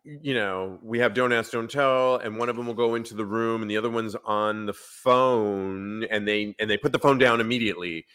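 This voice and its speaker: A man's voice: on the low side, normal speed, few pauses, a bit bright, smooth. A man hosting a podcast, talking with enthusiasm in a casual conversation. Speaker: podcast host.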